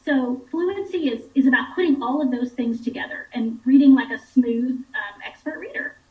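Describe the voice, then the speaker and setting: A woman's voice: sits high, normal speed, reverberant, far from the mic, highs cut off. A woman instructional coach patiently explaining reading skills to parents. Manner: patient, clear teacherly explaining.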